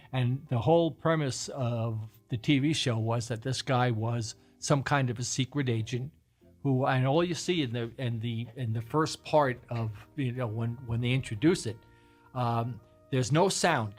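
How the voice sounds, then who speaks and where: A man's voice: medium pitch, measured pace, faint music behind. A man hosting a casual chat, retelling old TV shows in a rambling, hesitant way with many fillers. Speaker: host.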